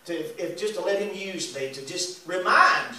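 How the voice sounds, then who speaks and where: A man, preaching and singing as an evangelist, folksy and animated with laughing asides. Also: sits high, moderate pace. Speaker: evangelist and singer. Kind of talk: lively sermon with congregation call and response. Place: church sanctuary. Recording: echoey church recorded from a distance.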